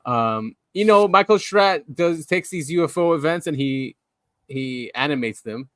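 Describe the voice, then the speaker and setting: A man co-hosting a podcast in a casual, animated way, laughing often and restarting his sentences. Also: a little high, a little slow, no room sound, clean studio sound. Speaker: podcast co-host.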